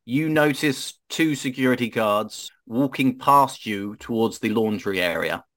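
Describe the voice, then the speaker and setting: A man's voice: medium pitch, unhurried, a bit bright. A man narrating as game master of a tabletop game, hesitant and full of fillers.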